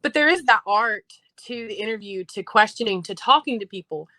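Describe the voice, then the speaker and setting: A woman in her twenties with an Appalachian accent, a guest in a casual interview who talks fast, enunciates carefully and laughs easily. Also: mid-range voice, animated, pushed and bright, no room sound, rough recording. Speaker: guest, infant toddler teacher and theater director.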